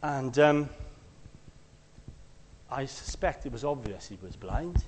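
A man preaching a conversational sermon. He tells stories and acts out the quotes, sometimes shouting them loudly. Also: medium pitch, animated, slow pace, long reverb tail, background noise.

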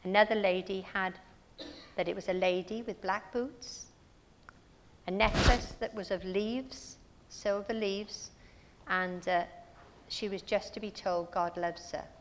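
A woman's voice: mid-range voice, fairly even intonation, a little slow, pauses often, big-room sound. A woman preaching a sermon in a church, telling stories earnestly and asking her listeners rhetorical questions.

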